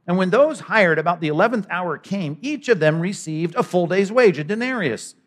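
High-voiced and moderately paced, a male pastor works through an expository sermon. His animated, chatty delivery includes asides where he takes on characters' voices.

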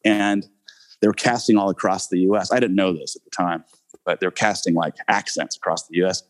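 A man telling a story about his early acting career in a relaxed interview, rambling with many fillers and frequent laughs. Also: low voice, fairly quick. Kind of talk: casual anecdote in an interview.

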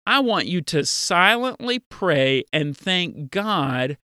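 A young man with a high, bright voice teaches a Bible lesson to children. He talks playfully and directly to them, in a dry, close recording. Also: slow, clear, resonant tone, no room sound. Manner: lively, playful, talks straight to kids.

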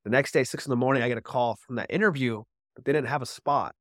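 A man's voice: medium pitch, fast talker, a bit bright, no room sound, studio quality. A man guesting on a podcast, telling his personal recovery story in an earnest, heartfelt way, with many casual fillers.

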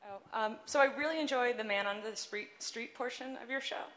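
A woman in the audience asking a hesitant, rushed question. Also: fairly high pitch, fairly bright tone, big-room sound.

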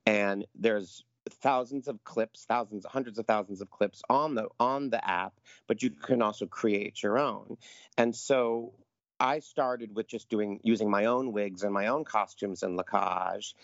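A man's voice: fairly low pitch, a little slow, gravelly, no room sound, dull audio. A middle-aged man, an actor, chatting as an interview guest and telling stories in a campy, playful way. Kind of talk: casual interview chat.

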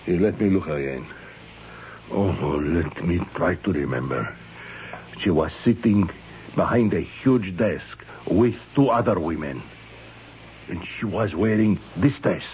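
A shattered husband who blames himself, pleading and faltering for words. His voice sits low. The old radio recording sounds dull and slightly hissy. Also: animated, darkish tone. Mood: remembering. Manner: halting, pleading, searching for words. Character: broken, guilt-ridden husband of a murdered woman. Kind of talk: 1970s radio drama acting.

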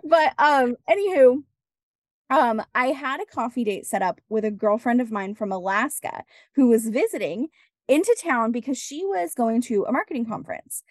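A woman guest on a podcast interview, telling her story in a casual, animated way and acting out bits of dialogue. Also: on the high side, normal speed, no room sound, clean studio sound. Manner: animated, acts out dialogue, laughs often. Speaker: podcast guest, business strategist.

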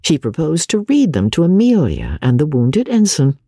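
A woman reading a classic novel aloud as an audiobook narrator, in expressive, measured storytelling. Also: deep voice, husky, dry recording, studio quality. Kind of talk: scripted narration.

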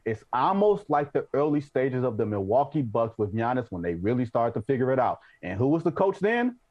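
A man's voice: mid-range voice, sing-song, a little fast, lo-fi sound. Brash man arguing basketball takes. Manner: brash, emphatic, teasing. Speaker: guest analyst. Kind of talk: sports debate talk.

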